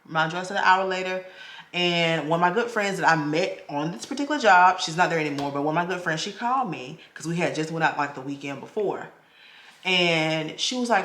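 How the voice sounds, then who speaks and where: A woman's voice: fairly low pitch, brisk, fairly bright tone, reverberant. A woman, a vlogger in her thirties, tells a personal story straight to her viewers, talking to them as "y'all" and acting out the voices she quotes.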